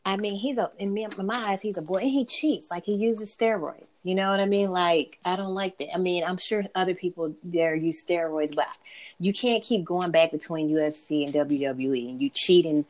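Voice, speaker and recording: A woman in casual chat, blunt and opinionated, quick to give her judgments. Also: fairly low pitch, a little mellow.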